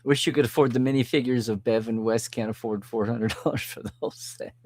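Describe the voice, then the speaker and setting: A man's voice: medium pitch, fairly even intonation, fast, a little mellow. A man hosting a live stream, chatting casually and reading out and answering viewer comments with frequent chuckles. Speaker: host reading live chat.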